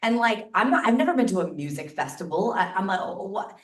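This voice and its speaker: A woman telling a personal story live to an audience, chatty and animated, packing her sentences with "like". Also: medium pitch, fairly quick. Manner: chatty, animated, lots of filler "like". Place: stage before a live audience. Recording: echoey room, mic at a distance.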